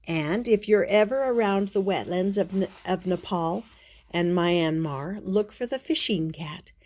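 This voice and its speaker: An older woman acting as a storytelling grandmother reads aloud from a children's picture book. Her lowish voice is unhurried and expressive, broken up by playful asides.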